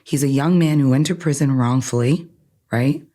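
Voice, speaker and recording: An earnest Iran-born woman lawyer, appearing as a podcast guest, talks through her experiences in a conversational interview. Her voice is extremely low and her pace moderate, and she stays animated, often checking in with "right?" after her points.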